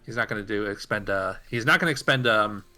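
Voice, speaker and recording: A man's voice: lowish voice, fast, pushed and bright, soft background music. A man playing a tabletop game, thinking aloud hesitantly with many fillers. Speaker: player. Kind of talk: tabletop game role-play.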